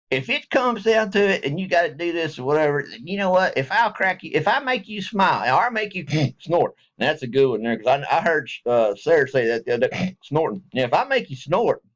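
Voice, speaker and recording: A middle-aged man with a drawl and a fairly high voice. He talks in a folksy, rambling, joking way, addressing his viewers directly in casual chat. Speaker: vlogger. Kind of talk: casual direct-to-camera talk.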